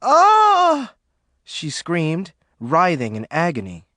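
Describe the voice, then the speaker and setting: A man giving steady, dramatic audiobook narration. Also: mid-range voice, unhurried, dry recording.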